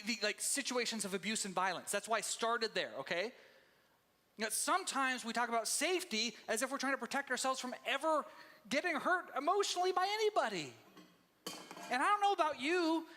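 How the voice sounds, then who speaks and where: A man preaching a sermon as pastor, intense and conversational, swinging between loud bursts and hushed asides and talking straight to the congregation. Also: very high-pitched, big-room sound. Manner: conversational, addresses congregation as "you guys". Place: church sanctuary.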